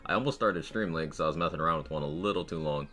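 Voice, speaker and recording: A man with a deep yet bright, forceful voice hosts a casual game live stream. He is a little out of breath, chuckles often and rattles off greetings to his chat. Faint music plays behind him. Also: rapid-fire.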